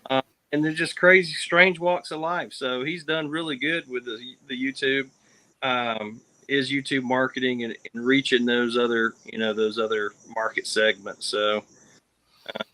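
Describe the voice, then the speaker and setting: Man with a bright, forceful voice; halting delivery with lots of "uh". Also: mid-range voice, fairly even intonation, low-quality recording. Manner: hesitant, many fillers. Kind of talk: casual chat.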